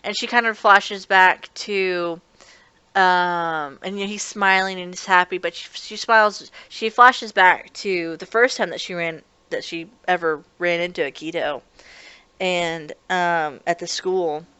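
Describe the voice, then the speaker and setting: Female anime reviewer, clear resonant voice, chatty casual recap, slips into character lines. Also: on the low side, steady tone, unhurried, pushed and bright, dry recording. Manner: chatty, restarts often, acts out characters' lines.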